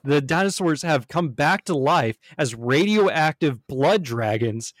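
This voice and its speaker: An American man co-hosting a gaming podcast, fairly high-pitched and talking in a casual, animated way. He acts out game scenes in quoted voices as he tells them. The sound is close and dry. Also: measured pace, no room sound. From United States. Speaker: podcast co-host.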